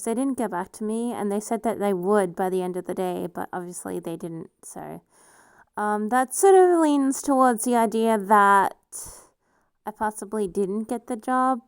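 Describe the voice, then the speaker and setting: A vlogger with a noticeable non-standard accent chats casually to camera in a personal monologue, rambling, poking fun at herself and laughing often. Her mid-range voice has a clean tone, and the dry recording is studio quality.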